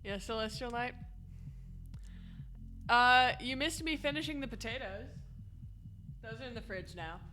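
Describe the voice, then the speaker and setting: A woman's voice: fairly high pitch, unhurried, pauses often, background noise. A woman streamer chatting casually over gameplay, laughing often. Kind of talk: casual live-stream commentary.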